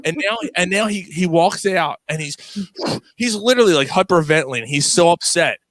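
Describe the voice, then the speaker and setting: A man's voice: sits high, brisk, no echo. A man telling a rowdy story to friends, cursing and laughing often. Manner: profane, laughing, animated, acts out voices in quotes. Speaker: podcast co-host.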